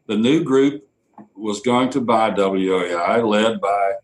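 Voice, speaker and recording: An older man, a radio executive telling anecdotes in an interview, quoting others in lively bursts. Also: fairly low pitch, measured pace, poor audio. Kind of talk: storytelling interview.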